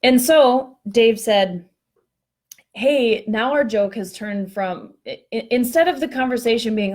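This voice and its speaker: Chatty woman telling a lively story. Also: fairly high pitch, unhurried. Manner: chatty, animated, self-mocking. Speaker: co-host discussing workplace culture. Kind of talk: casual conversational storytelling. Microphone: online call.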